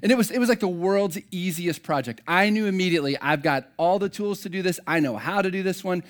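Self-mocking pastor with a higher voice. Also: male voice, brisk. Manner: self-deprecating storytelling. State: slightly out of breath at start. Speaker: campus pastor. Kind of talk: humorous sermon opening.

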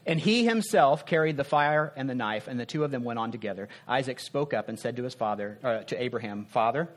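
A man preaching a sermon in a conversational way, asking rhetorical questions and dropping his voice softly to make a point. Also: mid-range voice, brisk. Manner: earnest, drops soft for emphasis.

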